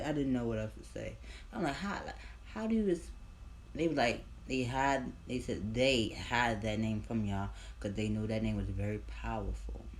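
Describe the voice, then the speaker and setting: A man telling a casual storytime, rambling and repeating himself, with loud bursts of excited disbelief. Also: on the low side, slight background noise.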